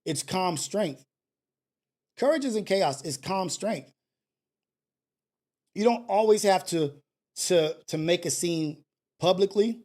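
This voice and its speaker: A man hosting a live call-in stream, talking casually and preachily, swinging between loud scolding and low murmurs. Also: slow pace, long pauses. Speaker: host of a live call-in show.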